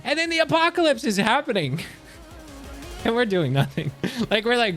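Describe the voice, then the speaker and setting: A man's voice: very high voice, sing-song, normal speed, fairly bright tone. A young man streaming from Canada, chatting casually with viewers, rambling and swearing as he reads chat aloud. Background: faint music.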